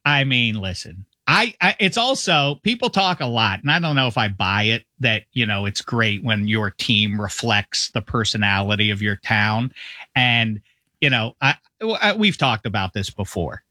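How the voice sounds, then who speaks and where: A man from the Rust Belt talking sports on a video call, rambling and animated, with lots of restarts. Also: on the low side, moderate pace, dry recording. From US Midwest, Rust Belt. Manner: rambling, animated, does mock voices. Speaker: football show host, guest.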